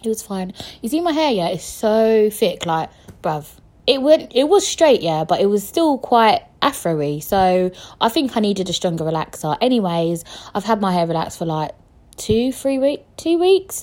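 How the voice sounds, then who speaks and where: A young woman chatting casually on her podcast, frank and jokey, swearing freely and talking straight to her listeners. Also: normal speed. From England. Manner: lively swings in pitch and loudness. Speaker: podcast host.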